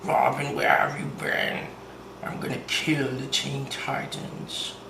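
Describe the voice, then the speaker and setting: Cold scheming masked villain, low half-whispered threats, roomy echo, faint hiss, a man doing it. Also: big pitch swings, slow pace, vocal fry, full character voice. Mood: menacing.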